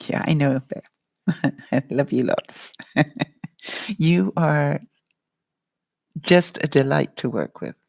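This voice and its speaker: A woman's voice: sits low, slow pace, vocal fry, long pauses, darkish tone, no room sound. A woman vlogger giving an earnest, encouraging live-stream pep talk and calling viewers by name. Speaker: life coach vlogger.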